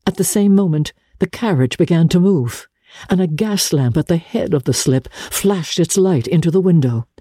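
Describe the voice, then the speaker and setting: Mellow, husky audiobook narrator. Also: medium pitch, expressive, moderate pace, no room sound, studio quality.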